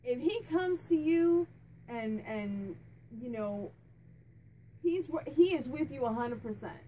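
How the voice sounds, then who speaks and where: High-voiced woman channeling a spirit. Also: expressive, slow pace, recorded from a distance, a little hiss or hum, poor audio. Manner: chatty, warm-hearted, many restarts and fillers; laughs and jokes with the spirit. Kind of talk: casual channeling talk to camera.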